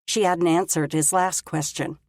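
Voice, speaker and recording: Slow, low-voiced woman narrating a story. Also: steady tone, darkish tone, no room sound, clean studio sound. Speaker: audiobook narrator. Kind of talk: scripted narration.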